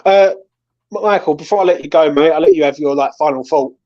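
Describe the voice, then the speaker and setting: A man's voice: a little high, quick pace, warm tone. A man hosting a casual post-match chat, emotional and swearing about his club. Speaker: host. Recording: dull lo-fi audio.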